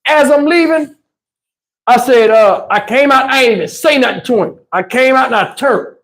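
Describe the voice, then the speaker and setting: Animated storytelling man, high voice. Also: normal speed. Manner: animated, acts out other people's voices. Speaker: storyteller host. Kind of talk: casual storytelling chat.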